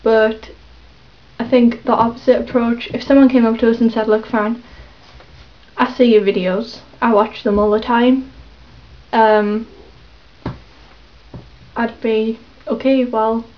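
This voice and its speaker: A woman rambling hesitantly in a casual confessional vlog, with lots of pauses and ums. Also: on the high side, fairly even intonation. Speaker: vlogger. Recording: dull lo-fi webcam audio.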